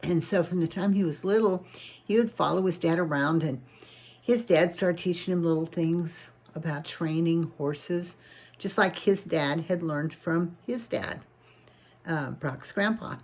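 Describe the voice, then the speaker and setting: A woman telling a children's story in a homespun, folksy manner, circling back and restarting phrases as she goes. Her voice sits somewhat low for a woman. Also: a little slow, a little mellow.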